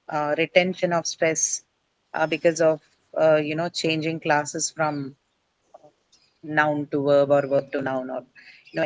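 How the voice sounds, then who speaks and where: A woman's voice: low-pitched, no room sound, rough recording. A middle-aged woman teacher lecturing a class, explaining step by step and quizzing her students as she goes.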